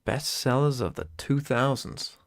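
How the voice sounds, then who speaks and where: A man's voice: medium pitch, lively intonation, measured pace, creaky, dry recording, studio quality. A man with a Black Country accent from England, hosting a watch party in casual, blunt, joking chat full of swearing. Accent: Black Country English.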